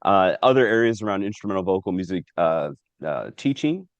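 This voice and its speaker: A man hosting a casual interview over a video call, explaining things in a relaxed way with some filler. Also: sits low, a little fast, no room sound. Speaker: host.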